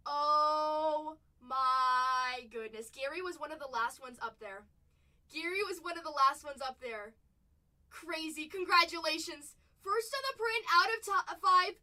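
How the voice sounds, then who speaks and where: A woman hosting a live card-opening stream, calling out each pull with excited exclamations. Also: high-pitched. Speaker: livestream card-break host. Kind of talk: live unboxing commentary. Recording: voice a bit far from the mic.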